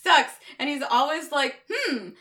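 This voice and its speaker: A woman chatting casually and animatedly, swearing a lot and mocking characters with quick impressions. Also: high voice, animated, pushed and bright, roomy sound. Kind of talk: casual chat.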